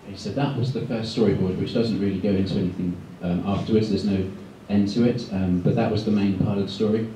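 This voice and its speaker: A man giving a guest talk to art students, talking quickly and loosely with many ums. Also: fairly low pitch, fairly even intonation, dark tone. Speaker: guest speaker at an art school. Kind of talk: presentation to students. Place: lecture room. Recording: echoey room, far from the mic, faint noise.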